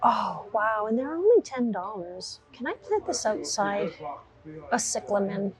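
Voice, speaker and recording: A woman's voice: medium pitch, sing-song, unhurried, a crowd in the background, poor audio. A woman chatting enthusiastically to her viewers as she browses plants in a garden center, speaking in a casual vlog style. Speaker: gardening vlogger. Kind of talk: casual vlog narration while shopping.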